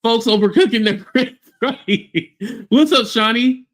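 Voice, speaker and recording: A man hosting a livestream, giving blunt, heated commentary with swearing and quick acted-out quotes. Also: extremely high pitch, fairly bright tone.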